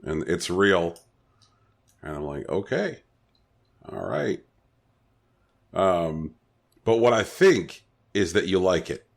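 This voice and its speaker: A man with a very low voice co-hosts a casual podcast chat. He talks slowly and teases with a dry, deadpan delivery. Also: creaky. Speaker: podcast co-host.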